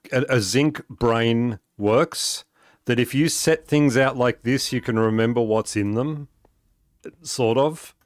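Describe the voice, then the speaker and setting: Man, slow unhurried talk, dry close sound, rambling with fillers, frequent chuckles, casual gaming stream. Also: mid-range voice, clear, resonant tone, no room sound. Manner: rambling, with many fillers and restarts; chuckles often while talking. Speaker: live streamer.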